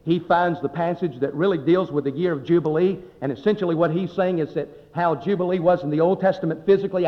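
A man's voice: on the high side, fast, few pauses. A male pastor preaching a sermon in a folksy, emphatic way, swelling and dropping his voice. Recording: dull sound with long hall reverb.

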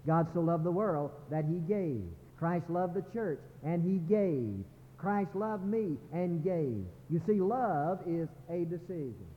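A man's voice: a little high, a little hiss or hum. A man preaching a sermon as a pastor, building to impassioned crescendos. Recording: muffled sermon recording in a reverberant sanctuary.

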